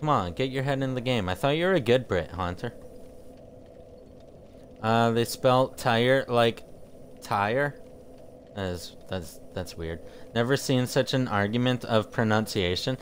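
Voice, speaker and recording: Guy streamer rambling slow at viewers, jokey, stumbles over words, mid-pitch voice. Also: slight background noise. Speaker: game streamer. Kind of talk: casual chat with live viewers while gaming.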